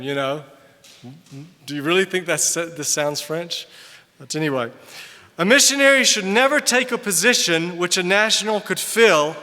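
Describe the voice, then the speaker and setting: Older guy preaching at a conference, high bright voice, big echoey hall, gets loud then drops quiet. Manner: animated, swings between loud emphasis and quiet asides. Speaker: conference speaker, missionary. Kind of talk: conference sermon. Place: large hall. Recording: long hall reverb from a distance.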